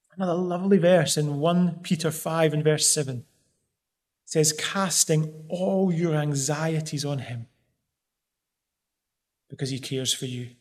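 Guy with a high voice preaching, earnest and pleading, leans on key words. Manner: earnest, pleading, rising emphasis on key phrases. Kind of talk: sermon.

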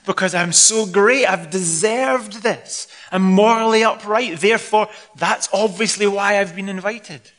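A man's voice: sits high, a little slow, hardly any pauses, a bit bright. A man voicing a self-important religious man who boasts that he deserves the best seat. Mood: boastful.

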